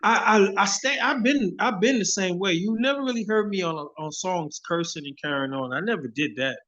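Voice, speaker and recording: A hip hop artist speaking as an interview guest over a phone video call, preachy and emphatic, often repeating himself. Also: male voice, high voice, expressive, brisk, pushed and bright. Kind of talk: casual interview. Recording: dull lo-fi phone audio.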